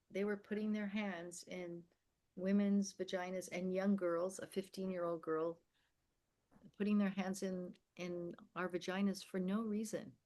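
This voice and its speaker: Speaking in a mid-range, darkish voice, this podcast guest, an American and Filipino woman in her sixties, relates a personal story vividly and emphatically. She performs the quoted lines of dialogue.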